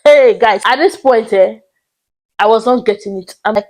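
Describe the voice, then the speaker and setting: A young woman telling a story to her vlog viewers, dramatic and expressive. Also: on the high side, normal speed, rough recording. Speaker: vlogger.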